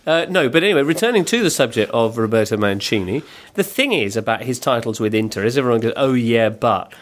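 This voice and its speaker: A man's voice: mid-range voice, very animated, fast talker. A man hosting a casual football podcast, chatty and self-deprecating as he reads out listener posts. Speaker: podcast host.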